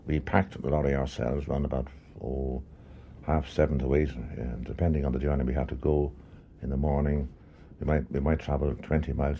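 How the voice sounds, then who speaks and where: Casual: really low rough voiced man remembering lorry trips, muffled old tape with hiss. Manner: plain, matter-of-fact recollection. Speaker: former touring actor. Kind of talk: reminiscing.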